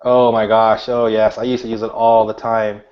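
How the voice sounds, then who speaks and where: A man's voice: fairly low pitch, little pitch movement, normal speed, a little hiss or hum. A middle-aged man, an author and speaker, telling stories earnestly in an interview, with many restarts. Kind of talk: interview, storytelling. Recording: dull lo-fi audio.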